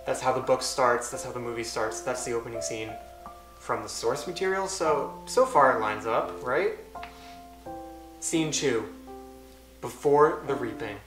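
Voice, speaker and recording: A young man reading an old script he wrote and commenting on it in a wry, deadpan, self-mocking way. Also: mid-range voice, a little slow, long pauses. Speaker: YouTuber. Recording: roomy echo with music underneath.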